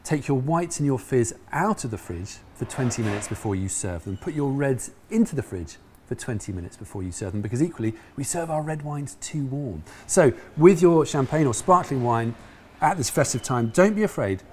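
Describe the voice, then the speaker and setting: A man's voice: mid-range voice, lively intonation, normal speed, darkish tone, slight background noise. A man co-hosting a wine tasting in a shop, joking and teasing his co-host. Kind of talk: casual demo chat.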